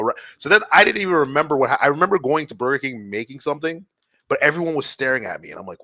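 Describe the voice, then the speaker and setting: Animated, bright-voiced man telling stories. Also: on the high side, fast talker, dry recording. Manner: animated storyteller, swearing, laughing. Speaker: podcast co-host. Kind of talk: casual live-stream chat.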